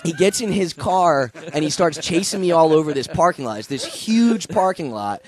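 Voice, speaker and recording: Animated, profane male comedian storyteller. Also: fairly high pitch, normal speed. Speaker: guest comedian. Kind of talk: comic storytelling on a podcast. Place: studio with podcast guests.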